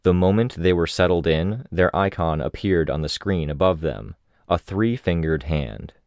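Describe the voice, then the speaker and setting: A man narrating an audiobook in a measured, steady way. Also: low voice, no echo, dull audio.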